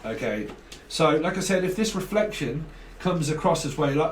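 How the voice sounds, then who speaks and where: A man's voice: fairly high pitch, animated, normal speed, distant mic. Rambling man in a roomy room. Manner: rambling, jokey, swearing, acts out scenes. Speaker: tarot reader. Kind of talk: casual tarot reading monologue. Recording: roomy, off-mic, light noise.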